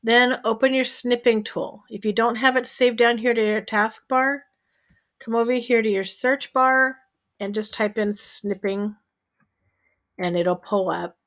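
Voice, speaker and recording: A woman's voice: on the high side, fairly even intonation, measured pace, fairly bright tone. Chatty woman giving step-by-step craft instructions. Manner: chatty, checks in with "okay?". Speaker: crafting tutorial host. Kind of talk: screen-share tutorial.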